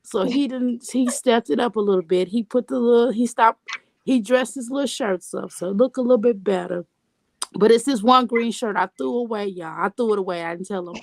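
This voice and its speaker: A woman in her thirties chatting on a panel video call, an animated storyteller who acts out quotes and laughs often. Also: fairly high pitch, moderate pace, vocal fry, no room sound.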